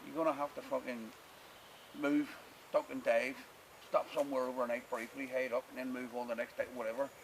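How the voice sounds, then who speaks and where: Blunt man, gravelly fast talk. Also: medium pitch, flat delivery. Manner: blunt, opinionated. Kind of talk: casual chat outdoors. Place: woodland camp outdoors. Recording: outdoor recording with insect noise.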